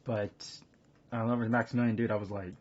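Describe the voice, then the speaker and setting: A man's voice: fairly low pitch, little pitch movement, quick pace, breathy edge. A man streaming a card game and chatting casually with his chat, rambling between thoughts. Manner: rambling, laughs hard at chat. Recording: dull lo-fi stream audio with faint noise.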